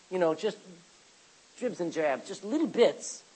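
A man's voice: high voice, big pitch swings, moderate pace, a little mellow, breathy edge, low-quality recording. A man preaching a sermon as pastor, reading scripture aloud and calling out for amens from the congregation.

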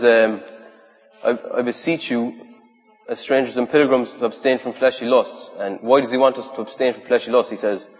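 Man, preacher, sermon, earnest and chatty, rhetorical questions, echoing hall. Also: mid-range voice. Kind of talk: sermon to a youth group. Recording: reverberant hall.

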